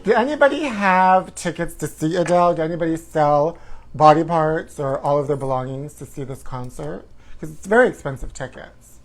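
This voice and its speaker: A man's voice: on the high side, animated, moderate pace. Campy man hosting a gossip comedy show. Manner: campy, calls listeners honey. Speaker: host. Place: home livestream.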